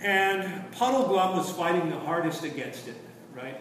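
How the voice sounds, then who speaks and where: A man teaching literature, his voice a bit high, animated, and asking his listeners questions. He sounds distant in a very echoey room, with noise behind. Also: moderate pace. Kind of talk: literature lecture with read-aloud. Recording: echoey room from far off, noisy.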